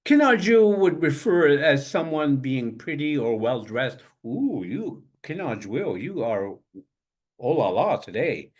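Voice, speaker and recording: An older man teaching a language class over a video call, saying each word slowly several times and spelling it out letter by letter. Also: on the high side, expressive. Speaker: language instructor. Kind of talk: online language lesson.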